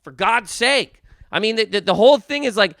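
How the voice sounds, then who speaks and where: A man's voice: high-pitched, animated, normal speed, creaky, a bit bright, dry recording, studio quality. A man hosting a podcast, delivering a heated, profane comedic rant full of restarts and repeated words. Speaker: podcast host.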